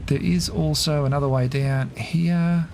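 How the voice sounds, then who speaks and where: A middle-aged man, casually commentating a game on a live stream, chatty and quick to laugh as he thinks aloud. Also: a little high, steady tone, creaky, mellow, a little hiss or hum.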